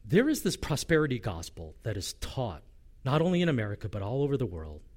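A man's voice: mid-range voice, wildly swooping pitch, brisk, a little mellow. A male pastor preaching a sermon with passion, voicing a prophet's complaints in the first person.

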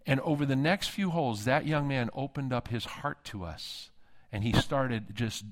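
A man preaching to a conference crowd, telling a story in an animated way and acting out each line of dialogue. His voice sits in a middle register. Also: mid-range voice, moderate pace. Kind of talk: sermon. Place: conference hall.

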